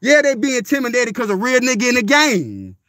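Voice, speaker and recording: A man, speaking very high for a man, rants on a livestream. He is blunt and profane, hammering the same lines over and over. The sound is dry and close, with no room echo. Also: huge pitch swings, a little fast, bright, forceful tone. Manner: profane, confrontational, repeats himself. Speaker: dog breeder and livestreamer. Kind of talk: livestream rant.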